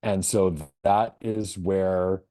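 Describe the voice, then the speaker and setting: A man, a veterinarian, presenting a professional webinar in a thoughtful storytelling manner with measured pauses. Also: deep voice, little pitch movement, warm tone, no room sound, clean studio sound.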